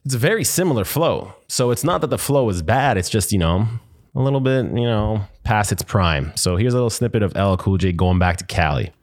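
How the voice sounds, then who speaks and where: A man with a slightly low voice hosts a casual clip-reaction show. He talks in a relaxed, rambling way, full of fillers and restarts. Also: a little fast. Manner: laid-back, rambling with many fillers. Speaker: host. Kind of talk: casual commentary on clips.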